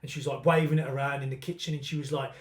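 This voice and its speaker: A man's voice: mid-range voice, little pitch movement, racing. A British man on a comedy podcast, telling a crude story in casual banter and acting out the quoted lines. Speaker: podcast host. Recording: echoey room.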